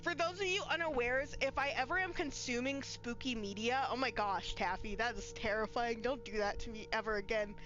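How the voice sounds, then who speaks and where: A woman with a high, bright voice streams a horror game from her bedroom. She chats along nervously and keeps breaking into scared squeals and shrieks. Soft music plays faintly behind her. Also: a little fast, few pauses, highs cut off. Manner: jittery, scared, squealing outbursts. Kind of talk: live gameplay commentary. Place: home bedroom.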